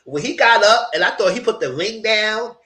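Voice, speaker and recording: Animated, lively-voiced gossipy man. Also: high-pitched, moderate pace. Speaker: reality TV commentator. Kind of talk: casual commentary.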